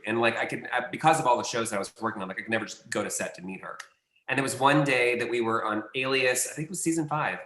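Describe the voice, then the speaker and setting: A man's voice: mid-range voice, bright, forceful tone, reverberant. A man, a casting director guest, telling a long anecdote in a rambling, self-correcting way.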